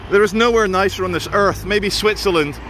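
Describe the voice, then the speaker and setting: A man narrates as he walks suburban streets with a handheld camera, chatty, opinionated and quick with sarcasm. His voice sits a little high for a man. Faint traffic and street noise run underneath. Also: fairly bright tone. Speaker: vlogger filming a walk. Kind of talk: walking vlog narration.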